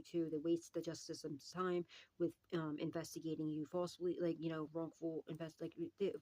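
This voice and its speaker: A woman's voice: low-pitched, mellow, rough recording. Foul-mouthed laughing woman reading tarot. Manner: profane, laughing often, rambling. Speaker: psychic tarot reader.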